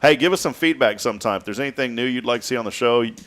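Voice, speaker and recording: A man's voice: mid-range voice, very fast, fairly bright tone. A man hosting a casual morning talk show, easygoing and folksy, laughing often. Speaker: show host.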